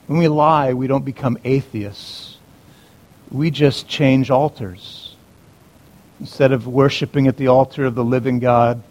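A male pastor preaching a sermon in a dramatic way, moving between urgent emphasis and hushed, quiet passages. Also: medium pitch.

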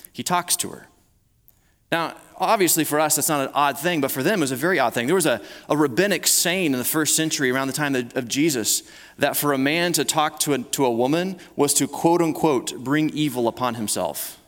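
A man's voice: a little high, a bit bright. A man preaching a sermon as pastor, talking conversationally with frequent restarts and repeated words. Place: church sanctuary. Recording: long hall reverb.

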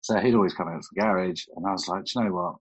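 Middle-aged man, very low voice, husky, casual storytelling, laughs a lot. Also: rapid-fire, rough recording. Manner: chatty storyteller, laughs often, swears casually. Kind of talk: casual chat.

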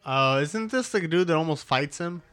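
A man's voice: on the high side, expressive, moderate pace, a bit bright, clear, resonant tone, no echo. A young man co-hosting a podcast, casually chatting and retelling scenes with swearing and laughter. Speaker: podcast co-host. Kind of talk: casual chat reacting to a show.

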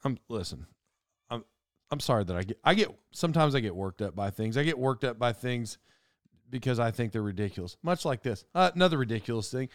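A man's voice: medium pitch, lively intonation, a little fast, dry recording, studio quality. A man hosting a podcast, rambling through a digressive solo monologue and getting worked up over small things. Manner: digressive and self-interrupting, ranting. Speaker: podcast host.

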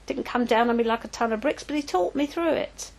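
A woman's voice: a little high, fairly quick, creaky, a little mellow, rough recording. An older woman giving an informal, anecdotal teaching talk as a preacher, chatty and prone to self-corrections.

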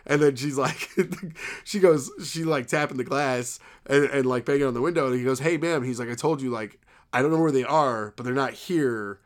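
A man's voice: mid-range voice, moderate pace. A man in his thirties co-hosting a podcast, telling stories in a rambling casual way with lots of "like" and quoted dialogue. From New York area. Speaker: podcast co-host. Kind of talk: casual chat.

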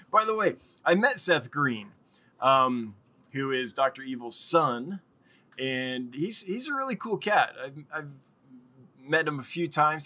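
Guy rambling on his livestream, bright voice, laughs a lot, talks to chat. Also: medium pitch. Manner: rambling, chatty, laughs often. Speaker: live stream host. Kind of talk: casual live stream chat.

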